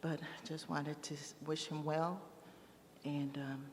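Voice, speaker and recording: A woman giving a gentle, hesitant eulogy with words of comfort at a funeral service. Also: low voice, level tone, slow pace. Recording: reverberant hall with faint room noise.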